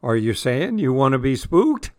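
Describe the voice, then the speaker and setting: A man's voice: mid-range voice, very animated, moderate pace, darkish tone, no echo, natural voice. A man voicing a playful, teasing father in a storybook reading. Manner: teasing, sly. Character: playful father planning a scare.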